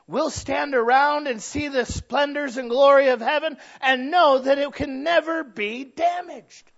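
High-pitched guy preaching a sermon, goes quiet then big and loud, kinda muffled lo-fi sound. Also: fairly even intonation, measured pace, vocal fry. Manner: dynamic preaching, swinging from hushed to loud and drawn out. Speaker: pastor. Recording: dull lo-fi sound.

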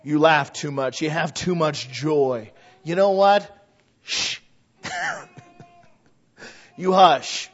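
A man preaching a sermon in a church, animated and quick to laugh as he talks to the congregation. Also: fairly high pitch, muffled recording. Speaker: pastor.

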